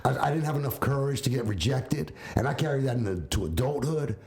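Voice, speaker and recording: Earnest storytelling man, mellow voice. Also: mid-range voice, animated, brisk, gravelly. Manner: storytelling, earnest, says "you know what I mean" often. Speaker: podcast host. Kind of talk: casual mentoring chat.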